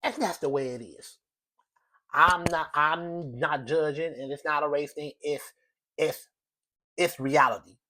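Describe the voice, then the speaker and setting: A man's voice: a little high, a little slow, sharp tone. Emphatic man delivering a rambling monologue. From United States. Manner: emphatic, repetitive, rambling with restarts. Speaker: show host. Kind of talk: opinionated solo monologue.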